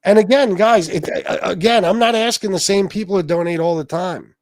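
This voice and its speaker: A man's voice: high voice, a little fast, darkish tone, no room sound, clean studio sound. A man hosting a livestream, ranting profanely and aggrieved at his viewers. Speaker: livestream host.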